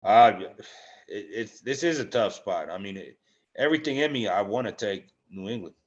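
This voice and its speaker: A man's voice: on the low side, expressive, normal speed. A man co-hosting a casual sports betting chat, blunt and full of swearing, with many "uh" and "um" fillers. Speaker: podcast co-host. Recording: dull lo-fi sound.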